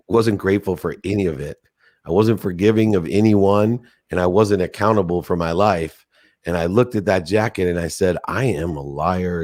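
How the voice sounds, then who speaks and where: A man's voice: sits low, a little mellow, no echo, studio quality. A man in his forties telling an intense personal story as a podcast guest, choking up at moments. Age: 40s. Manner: intense storytelling, rising and falling with emotion. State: choked up at moments.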